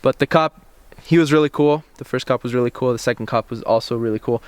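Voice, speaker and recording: Recorded on a shotgun mic mounted to the camera, a young man hosting a car channel chats outdoors near parked cars. His mid-range voice is fast, clear and resonant with no echo, and he relaxedly retells events, voicing bits of quoted dialogue along the way.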